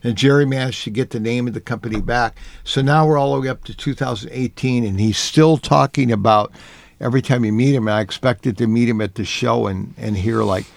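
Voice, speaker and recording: Gravelly man telling rambling car stories. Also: medium pitch, fairly even intonation, a little fast, no room sound. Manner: rambling anecdotal storyteller. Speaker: auto journalist. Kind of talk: casual radio talk.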